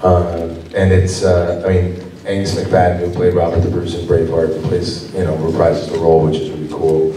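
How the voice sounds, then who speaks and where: A man's voice: deep voice, completely flat delivery, normal speed, mellow, slight background noise. A man on a convention panel as an actor guest, talking casually and rambling with lots of fillers and restarts. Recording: roomy hall sound from far off.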